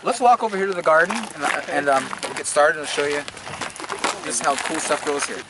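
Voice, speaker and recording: Older man, slightly high voice, folksy and eager, stumbles over words, outdoor garden tour, steady background noise. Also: fairly quick. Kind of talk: casual guided garden walk.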